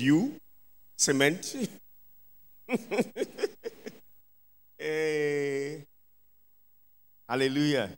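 Bishop preaching, fairly high male voice, slow deliberate delivery, long hall reverb. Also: a bit bright. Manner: emphatic preaching with call-outs of hallelujah and amen. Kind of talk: sermon.

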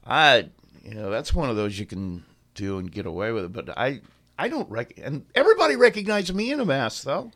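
Lively-voiced older radio host man. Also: mid-range voice, brisk. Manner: rambling, self-mocking, laughs often. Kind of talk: casual on-air chat.

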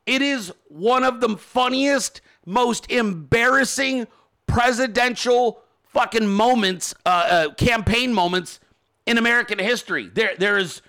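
High, bright-voiced man on a profane rant. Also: measured pace. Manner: profane, mocking, ranting. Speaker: show host. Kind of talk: political commentary rant.

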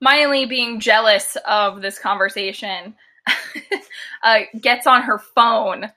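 A woman's voice: on the high side, takes it slowly, sharp tone. A young woman co-hosting a casual chat about a TV episode, laughing often and acting out quotes. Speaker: podcast co-host.

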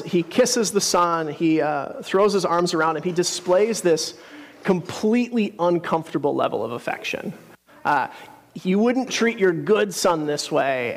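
A man's voice: fairly high pitch, in a large hall. A man preaching a sermon, telling a story in a conversational, earnest way with casual asides.

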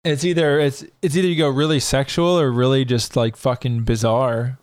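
A man's voice: mid-range voice, fairly even intonation, moderate pace. A man co-hosting a podcast, chatting casually, teasing the others and swearing a lot. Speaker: podcast co-host. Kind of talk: casual chat.

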